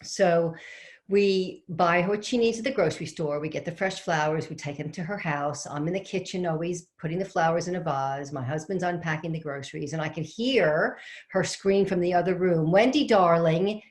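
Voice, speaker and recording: A woman's voice: fairly low pitch, moderate pace. A middle-aged woman speaking from home on a video-call webinar as an organizing coach. She tells a chatty story and asks the audience questions. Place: home with fresh flowers behind her.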